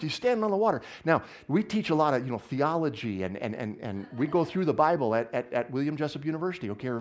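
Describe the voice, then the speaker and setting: A man preaching a sermon in a church, animated, moving from loud exclamations to hushed asides and often asking the congregation questions. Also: fairly high pitch. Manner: asks the audience questions often. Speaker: pastor.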